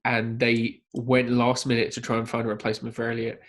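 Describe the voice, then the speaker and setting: A man co-hosting a casual film podcast, telling an anecdote in a lively way and acting out the quotes. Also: mid-range voice, brisk. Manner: lively storyteller who acts out quotes. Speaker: podcast co-host. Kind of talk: casual podcast chat about films.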